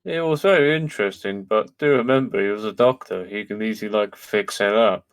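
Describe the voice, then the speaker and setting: A man playing a tabletop role-playing game, talking in a slow, lively way and chuckling as he plays his character. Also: on the low side, smooth. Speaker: player.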